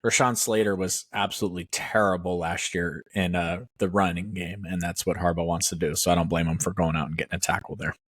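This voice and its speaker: Deep-voiced man giving blunt opinions. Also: fairly even intonation, fairly quick, few pauses, a bit bright, dry recording. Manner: blunt, opinionated, sometimes speeds up. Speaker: podcast co-host. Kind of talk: casual sports chat.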